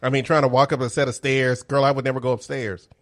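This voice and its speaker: A man co-hosting a podcast, chatting casually and backing up his partner with steady murmurs of agreement. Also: medium pitch, fast talker. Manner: constant "mm-hmm" backchannels, supportive. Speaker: podcast co-host. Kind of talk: casual chat.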